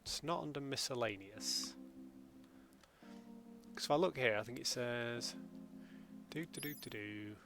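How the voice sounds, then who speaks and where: A man's voice: mid-range voice, a little slow, pauses often, music in the background. A man, chatting casually with viewers during a live gameplay stream from home. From England. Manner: chatty, greets viewers by name.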